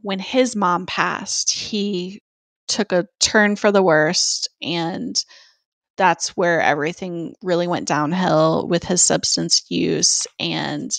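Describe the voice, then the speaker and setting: A woman's voice: on the low side, steady tone, slow, gravelly, no room sound. A woman co-hosting a podcast, telling personal stories in an open, chatty way. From Georgia, US. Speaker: podcast co-host. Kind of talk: casual podcast conversation.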